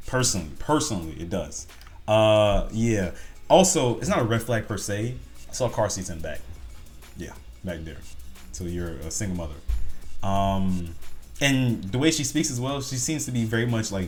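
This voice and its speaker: A man rants through casual reaction commentary, his pitch leaping up and down as he rambles. He is blunt and swears freely. Faint music plays underneath. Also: expressive, moderate pace. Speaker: reaction video host.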